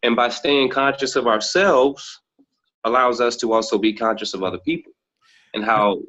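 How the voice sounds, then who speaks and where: A man's voice: mid-range voice, moderate pace, a bit bright. A man appearing as a podcast guest, telling thoughtful personal stories and acting out the dialogue in them. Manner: thoughtful, acts out quoted dialogue. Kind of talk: reflective personal storytelling. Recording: dull lo-fi sound.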